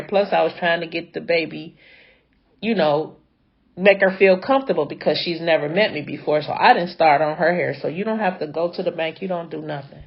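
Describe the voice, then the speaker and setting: A woman's voice: sits low, brisk, vocal fry, husky, dull audio. Chatty woman telling a story. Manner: chatty, dramatic, addresses viewers directly. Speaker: hair braider. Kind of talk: casual storytime vlog.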